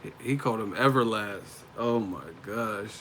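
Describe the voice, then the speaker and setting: On a casual boxing live stream, a man with a lowish, fairly bright voice talks at normal speed over a little hiss or hum. He laughs a lot, curses, and mocks the fighters with impressions.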